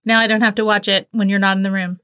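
A woman's voice: medium pitch, flat delivery, fast, fairly bright tone, clear, resonant tone. A woman co-hosting a casual movie podcast, chatty and teasing, often laughing. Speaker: podcast co-host.

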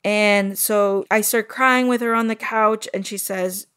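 Woman, personal testimony, halting soft delivery full of fillers, mid-pitched voice. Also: steady tone, clean tone. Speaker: guest telling her own story.

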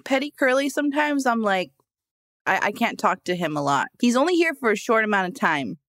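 A woman's voice: on the high side, sing-song, a little fast, a bit bright, no room sound, studio quality. A woman co-hosting a podcast in casual chat, giggly and prone to rambling tangents. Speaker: podcast co-host.

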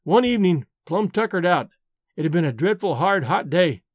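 A man's voice: sits high, animated, moderate pace, dry recording, clean studio sound. A man reading the folksy, wistful lines of a frontier-born woman who leads a tribe, for an audiobook. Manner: plain folksy frontier speech.

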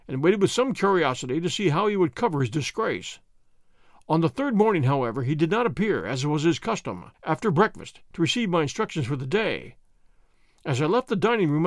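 A man narrating a classic detective story in the first person, with lively, expressive delivery. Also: fairly high pitch, a little fast, dry recording, studio quality.

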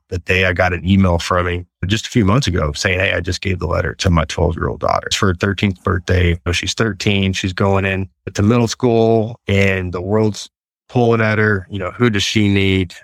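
Gravelly low-voiced man. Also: dry recording. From Texas. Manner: earnest, animated storyteller. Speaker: guest. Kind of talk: storytelling interview.

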